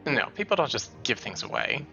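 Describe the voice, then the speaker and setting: A wary alien father from a sci-fi tabletop game, played by a man, suspicious of any kindness and grumbling about hard times. His bright voice swings up and down as he complains. The recording is dull and lo-fi. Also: mid-range voice, sing-song, a little fast, vocal fry, soft background music, exaggerated voice. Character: weary, suspicious male alien parent, hungry.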